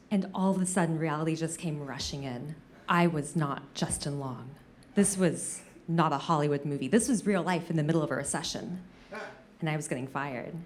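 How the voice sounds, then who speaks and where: A woman comedian telling a funny personal story on stage, with an animated, self-deprecating delivery. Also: sits low, a little hiss or hum.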